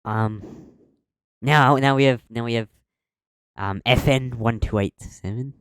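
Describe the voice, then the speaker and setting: A man's voice: medium pitch, a little slow, clear, resonant tone, no echo, studio quality. A young man co-hosting a podcast, chatting casually and rambling, with many ums and restarts. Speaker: podcast co-host.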